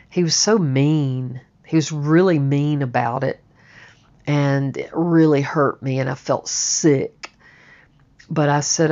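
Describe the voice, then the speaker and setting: A woman's voice: sits low, measured pace, darkish tone. A woman telling a personal story in a candid, conversational way, with casual swearing. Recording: dull lo-fi recording.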